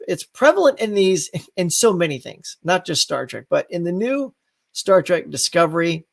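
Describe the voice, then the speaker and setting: A man hosting a casual live stream, rambling and animated and reading viewer comments. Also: on the high side, vocal fry, no room sound, clean studio sound. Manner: rambling, animated, laughs between thoughts. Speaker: live show host.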